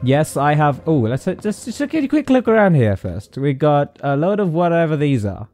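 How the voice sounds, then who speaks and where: A man's voice: on the high side, very animated, normal speed, a little mellow, soft background music. A British man commentating a horror game, jittery and jokey, chatting to objects as he goes. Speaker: gaming YouTuber. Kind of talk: horror let's-play commentary.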